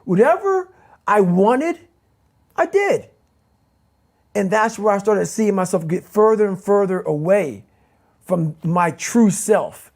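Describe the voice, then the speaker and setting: A man's voice: high-pitched, expressive, slow pace, pauses often, darkish tone. Intense man repeating his points. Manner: intense, emphatic, repeats key phrases. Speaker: interview guest. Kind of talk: motivational interview talk.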